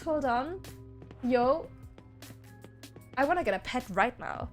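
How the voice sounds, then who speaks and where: A young woman streaming a game, chatting casually and excitedly with her viewers. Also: sits high, takes it slowly, long pauses, faint music behind. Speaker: variety streamer. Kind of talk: casual live-stream chat while gaming.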